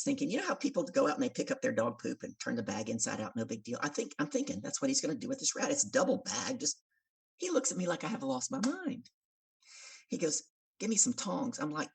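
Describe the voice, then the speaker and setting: A woman with a very low, gravelly voice, telling a story with lively swings of pitch and acting out the voices in it. She sounds husky and set back from the microphone. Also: far from the mic. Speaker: podcast guest, business coach. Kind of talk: animated storytelling in conversation.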